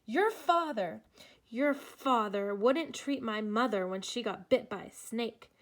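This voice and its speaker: A woman's voice: a little high, expressive, slow, a bit bright. A woman reading aloud and voicing a fierce young girl who speaks bluntly and furiously.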